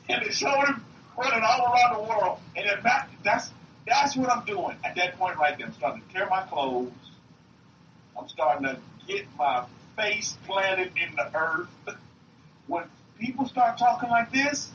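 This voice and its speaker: A man preaching a sermon to a room, emphatic and repetitive, swinging up and down in pitch. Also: expressive, moderate pace, a bit bright. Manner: emphatic, repeats himself, rises and drops in pitch. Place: meeting room. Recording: roomy, distant, dull lo-fi recording with faint hiss.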